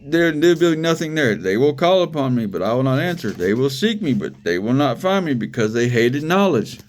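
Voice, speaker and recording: A man's voice: medium pitch, very animated, brisk. Brief: male preacher, informal and conversational, drives points home by repetition. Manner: conversational, repeats phrases for emphasis, laughs. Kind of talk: casual sermon.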